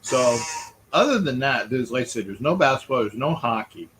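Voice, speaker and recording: A man's voice: mid-range voice, animated, normal speed, a bit bright, a little hiss or hum, poor audio. A man hosting a casual live stream, chatting loosely with viewers and calling a baseball game as he watches. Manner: rambling, chatty, greets viewers by name. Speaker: livestream host. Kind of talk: casual live chat with play-by-play.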